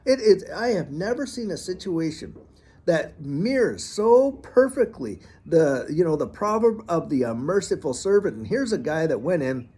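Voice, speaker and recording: A man hosting a finance channel, giving a folksy, animated commentary monologue and repeating phrases as he talks. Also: a little high, moderate pace, husky. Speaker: crypto channel host.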